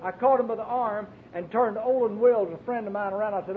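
A Baptist preacher, preaching an emphatic, storytelling sermon with many repeated phrases. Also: male voice, quick pace, few pauses. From Arkansas, US. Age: 40s. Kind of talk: fervent sermon. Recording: tinny lo-fi recording with faint hiss and rumble.

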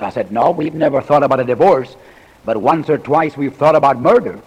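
Husky older male preacher in a reverberant hall. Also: medium pitch, dull audio. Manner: folksy humorous preaching with dramatic pauses. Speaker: pastor. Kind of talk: sermon.

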